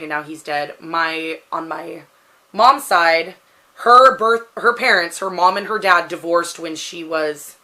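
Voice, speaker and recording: A woman's voice: lowish voice, sharp tone. A woman in her thirties with a Pacific Northwest American accent, rambling casually through a question tag with lots of "like" fillers. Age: 30s. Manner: rambling, chatty, frequent "like" fillers. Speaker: vlogger answering a question tag. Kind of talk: casual chat.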